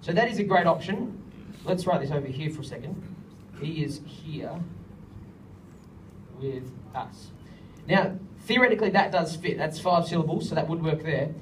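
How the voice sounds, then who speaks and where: In an animated, quick delivery and a fairly high voice, a man running a songwriting workshop as music director jokes around and sings lines to illustrate the tune. Faint ambience and slight background noise come through, as he's far from the mic.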